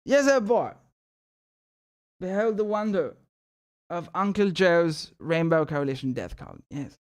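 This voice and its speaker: A man voicing a pompous, plummy English gentleman in a posh English accent. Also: high-pitched, lively intonation, measured pace.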